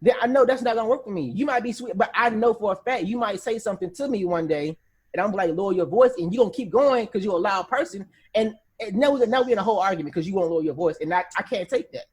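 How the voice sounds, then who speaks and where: A high-voiced man talks quickly on a podcast, his tone slightly husky. He tells stories in a lively way, acting out the lines of the people in them. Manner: animated, quick storytelling with acted-out quotes. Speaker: podcast co-host. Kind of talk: casual chat.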